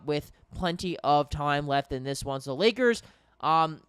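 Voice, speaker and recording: A man's voice: on the high side, a bit bright, clean tone, no room sound. Chatty young man calling a game live. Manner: conversational, addresses viewers as guys. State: tired, yawning. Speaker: live stream commentator. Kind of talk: live play-by-play commentary. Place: home in New York.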